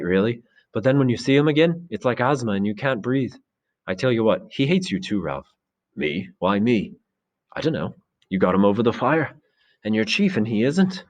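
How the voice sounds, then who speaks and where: A man's voice: fairly low pitch, lo-fi sound, voice pushed up. A man reading aloud, voicing a chubby, anxious, thoughtful schoolboy. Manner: worried, pleading.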